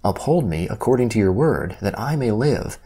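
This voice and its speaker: A man reading Bible passages aloud in a measured, steady way, giving the quoted lines only a light lift. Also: on the low side, breathy edge. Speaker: Bible reader.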